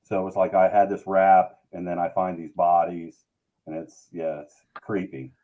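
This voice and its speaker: A man's voice: low voice, flat delivery, moderate pace, narrow, tinny audio. A man who is a guest on a live fishing show, telling long rambling stories in casual chat. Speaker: guest, tournament angler. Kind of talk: casual storytelling.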